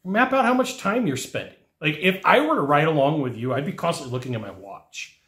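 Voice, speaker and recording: Animated man teaching sales in echoey room. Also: on the high side, fairly quick. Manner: animated, acts out whiny customer voices. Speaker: sales trainer. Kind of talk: energetic teaching monologue.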